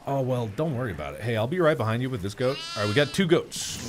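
A man in his thirties hosting a casual co-op horror game session, joking and swinging between loud yelps and low mutters. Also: very animated, fast. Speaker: host. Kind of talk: casual co-op gaming chat. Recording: noisy game audio mix.

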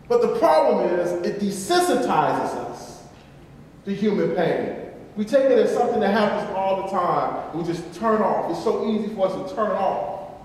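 A man's voice: sits high, darkish tone, slight background noise. A man preaching a sermon as pastor, emphatic and repetitive, in a large church. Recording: echoey church hall from far off.

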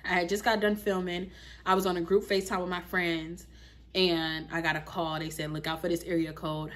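A woman in her thirties chatting casually in a home vlog, animated and talkative, full of fillers like "like" and "you feel me". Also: lowish voice, brisk. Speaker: lifestyle vlogger.

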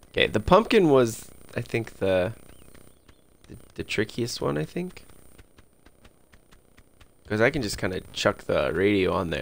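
A man's voice: on the low side, animated, a little slow, vocal fry, pauses often. A man giving playful, teasing commentary on a video game as he plays, chuckling often. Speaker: let's play gamer. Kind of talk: casual gameplay commentary.

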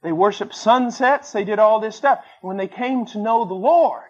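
A man preaching a sermon, telling stories with acted-out voices and swinging between loud bursts and quiet asides. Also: high-pitched, moderate pace, slightly rough. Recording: dull lo-fi sermon recording.

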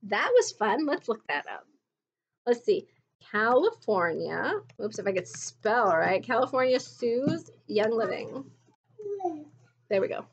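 A woman with a fairly high voice talks straight to camera in a casual commentary video. She is blunt and exasperated and drops in mocking asides. She is recorded at home. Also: big pitch swings, slow pace, husky, highs cut off. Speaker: vlogger recounting her MLM experience.

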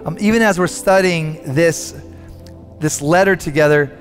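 A man's voice: a little high, a little slow. A man preaching a sermon as a pastor, telling a story earnestly and often repeating words as he builds up. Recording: long hall reverb with faint music.

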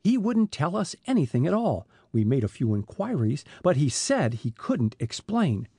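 Male narrator as earnest teenage detective boy, raised pitch, husky edge. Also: big pitch swings, moderate pace, mellow, no echo, studio quality, exaggerated voice. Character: earnest teenage boy detective, level-headed older brother.

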